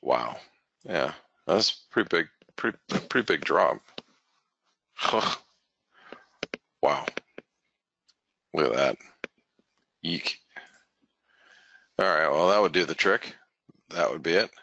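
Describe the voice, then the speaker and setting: A man's voice: rumbling low, lively intonation, slow pace, creaky, pauses often, sharp tone, no room sound, highs cut off. A man hosting a webinar, giving casual live market commentary in a rambling way that keeps correcting itself and restarting. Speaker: forex market analyst, webinar host.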